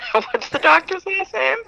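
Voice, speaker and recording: A woman trades loose podcast banter, giggling and sounding self-deprecating and mopey. Her tone is very bright with a gravelly edge, her delivery is slow, and her pitch swings widely. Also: expressive, low-quality recording.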